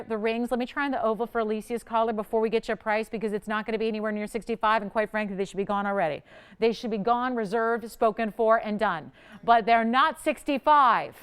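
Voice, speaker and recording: A woman hosts a live home-shopping show from a TV studio. Her voice is smooth and a little high, and her delivery is chatty and excitable, with steady pressure to buy right away. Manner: chatty and excitable, pushing urgency. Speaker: shopping channel host.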